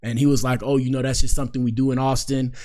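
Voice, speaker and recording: Soft-spoken young man telling a story. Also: medium pitch, level tone, fast. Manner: slangy, rambling, repeats phrases for effect. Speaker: podcast host. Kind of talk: casual storytelling.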